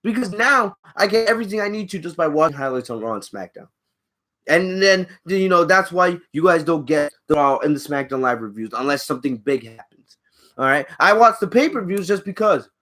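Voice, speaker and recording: A man giving a casual video review rant, animated and repeating phrases for emphasis, often checking in with the viewers. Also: fairly high pitch, fairly quick. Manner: keeps checking in with "all right?". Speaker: wrestling reviewer.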